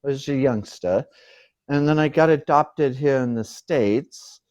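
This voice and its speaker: An older man born in the UK, a guest on an interview show, speaking in a joking, halting way. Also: mid-range voice, darkish tone.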